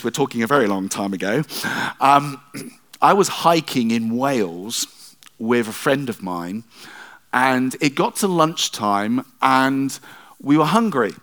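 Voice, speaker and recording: A man's voice: mid-range voice, fairly bright tone. Middle-aged man preaching casually. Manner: conversational, self-deprecating asides. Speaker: pastor. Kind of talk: sermon.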